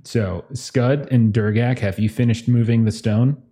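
A man running a tabletop game as game master, narrating scenes and voicing characters with a relaxed, chuckling manner. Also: mid-range voice, a little slow.

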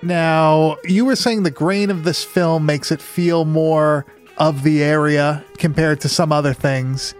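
A man co-hosting a podcast, chatting casually about a movie in an excitable, rambling, profane way. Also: fairly high pitch, measured pace, faint music behind. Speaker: podcast co-host.

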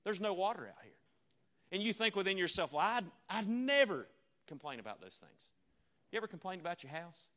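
A man's voice: sits high, very animated, a little fast, a bit bright. A man preaching a revival sermon, earnest and repetitive, asking the congregation rhetorical questions. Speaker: visiting preacher.

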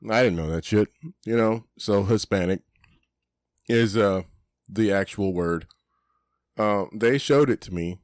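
Blunt, swearing man with a low voice. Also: measured pace, long pauses, a little mellow, dry recording, studio quality. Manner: blunt, profane, rambling with many "you know"s. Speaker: podcast co-host. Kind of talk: casual chat.

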